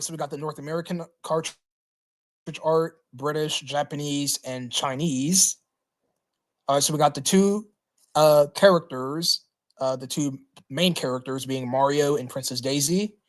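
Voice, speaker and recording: A man hosting a livestream, reading through a list in a casual, halting way with lots of "uh" fillers and restarts. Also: on the high side. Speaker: livestream host.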